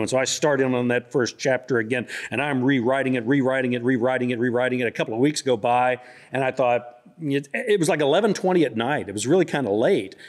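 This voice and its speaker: A middle-aged male author with a medium-pitched voice tells humorous stories at a book festival held in a church hall. Folksy and rambling, he draws out his anecdotes with plenty of fillers like "you know" and "like."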